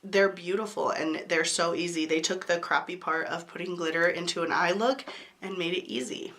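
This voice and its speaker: A woman's voice: on the low side, fairly even intonation, moderate pace, fairly bright tone. Sick-voiced woman chatting about makeup. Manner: chatty and enthusiastic, apologetic asides. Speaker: beauty YouTuber. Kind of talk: casual to-camera product review.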